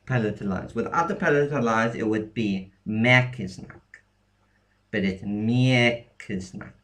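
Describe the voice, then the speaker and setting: A man explaining alphabet letters in a casual lesson, halting often with ums and restarts. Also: fairly low pitch, a bit bright. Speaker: language teacher. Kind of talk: casual screen-share lesson.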